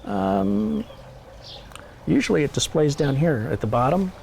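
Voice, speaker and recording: A man's voice: on the high side, expressive, unhurried, creaky, a little mellow, slight background noise. A man hosting a live stream in a casual, chatty way, reading viewer messages aloud and joking at his own expense. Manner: self-deprecating joking.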